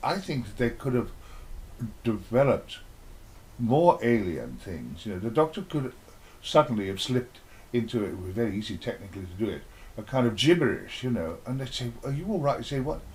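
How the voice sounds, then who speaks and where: An older man with a lowish voice that swoops widely, reminiscing in a relaxed interview. He rambles along playfully, slipping into little acted-out exchanges as he tells his stories. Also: moderate pace. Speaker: actor interviewee.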